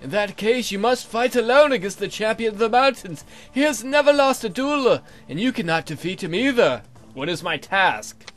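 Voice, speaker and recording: A man voicing a hoarse, slow-speaking male Unseelie spirit in a long cloak, reading game text with theatrical proclamations. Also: high-pitched, lively intonation, soft background music, voice pushed up. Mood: bargaining.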